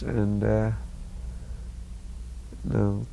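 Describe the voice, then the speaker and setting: Gravelly, flat-voiced man reminiscing. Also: on the low side. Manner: earnest, halting recollection with fillers. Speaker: disciple recalling memories. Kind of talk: spoken reminiscence. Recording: faint background hiss.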